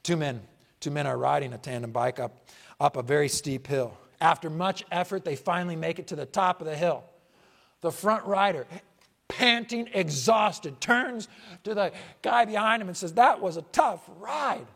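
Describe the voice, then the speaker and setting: A male pastor preaching a sermon, emphatic and repetitive, asking rhetorical questions and swinging from loud declarations to hushed asides. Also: a little high, moderate pace, gravelly.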